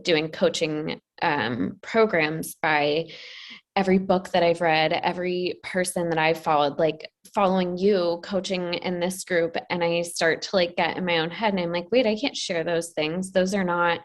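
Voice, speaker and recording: A woman client on a video coaching call, talking in an anxious, rambling way full of fillers. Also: on the low side. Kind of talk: casual talk on a coaching call.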